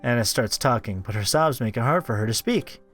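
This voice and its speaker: A man reading a visual novel aloud as a streamer, with quick asides of his own. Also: medium pitch, soft background music. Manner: expressive, quick asides between read text. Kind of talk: reading a game aloud with commentary.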